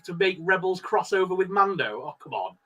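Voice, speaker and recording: A man co-hosts a live stream in relaxed, excitable chat. His voice sits a touch high and rings bright and forceful. He laughs often and acts out lines as he goes. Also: fairly quick. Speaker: co-host.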